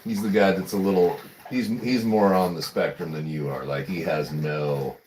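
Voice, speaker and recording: Low-voiced rambling man, noisy stream. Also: fairly even intonation, normal speed, a little mellow, reverberant. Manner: rambling storyteller, swears, acts out voices. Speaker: livestream host. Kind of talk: casual chat.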